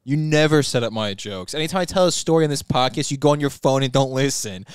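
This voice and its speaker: Young man, podcast co-host, blunt and quick, crisp dry close sound. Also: mid-range voice, no echo. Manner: blunt, opinionated, casual swearing. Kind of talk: casual chat.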